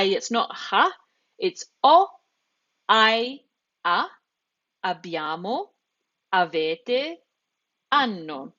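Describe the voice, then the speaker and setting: A woman's voice: on the low side, a bit bright, muffled recording. A woman teaching an online language class live, patiently explaining step by step with examples. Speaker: Italian teacher.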